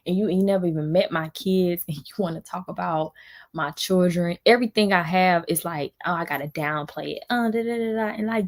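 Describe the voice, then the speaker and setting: Woman going off on her livestream, heated and repeating herself, kinda gravelly. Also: fairly low pitch. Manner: heated, fast, repetitive venting with frequent restarts. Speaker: vlogger on a livestream. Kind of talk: emotional livestream rant.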